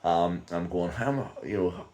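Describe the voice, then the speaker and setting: A man's voice: low voice, normal speed, darkish tone. An older man with a Northern Irish accent telling a rambling personal story in a casual vlog, with frequent chuckles and fillers. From Northern Ireland. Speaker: vlogger.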